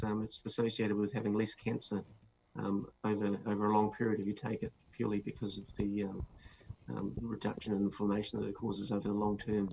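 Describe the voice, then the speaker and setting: A man with a low, gravelly voice and a New Zealand accent answers interview questions as a guest author, explaining his ideas with lots of fillers and restarts. The recording is dull and lo-fi, with faint noise.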